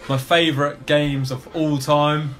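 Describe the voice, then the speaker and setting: A man's voice: on the high side, little pitch movement, unhurried, a bit bright, soft background music. A young man, chatting enthusiastically and swearing freely as he shows off his collection. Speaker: guest showing his collection. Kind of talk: casual show-and-tell chat.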